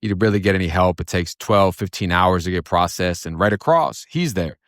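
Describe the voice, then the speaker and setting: A man's voice: low voice, brisk, fairly bright tone, no echo, clean studio sound. A man from Florida telling his own story in a blunt, profane, streetwise way. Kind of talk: casual spoken storytelling.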